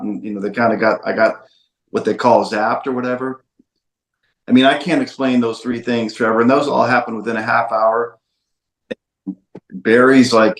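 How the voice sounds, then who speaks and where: A man's voice: mid-range voice, steady tone, normal speed, pauses often, echoey room. A man, a documentary filmmaker guest, tells a story in an interview with emphatic repetitions. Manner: emphatic, repeats phrases for stress.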